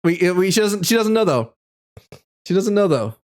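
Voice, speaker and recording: A man's voice: high voice, sing-song, normal speed. A man streaming, casually reading an AI-written story aloud and reacting to it with laughter and disbelief. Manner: giggly, incredulous, breaks into laughter.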